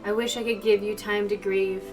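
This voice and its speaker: A woman voicing a somber, gentle young male knight, speaking quietly and gravely from a distant mic with faint music. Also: mid-range voice, flat delivery, normal speed, natural voice.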